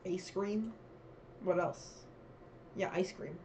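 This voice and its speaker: A young woman vlogger chatting casually, reading quiz questions aloud and thinking out loud about her answers. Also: fairly low pitch, slow, a little hiss or hum.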